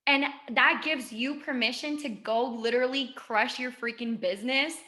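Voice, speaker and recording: A woman's voice: high-pitched, sharp tone. A woman in her twenties giving an emotional, chatty motivational talk on a video call. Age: 20s. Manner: gushing, emotional, fast and chatty. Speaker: guest speaker.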